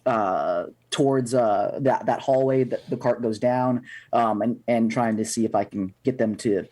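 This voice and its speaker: Guy playing d&d, lots of ums and uhs, mid pitch. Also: measured pace, dark tone. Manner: hesitant, many fillers. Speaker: player. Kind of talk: casual tabletop game chat.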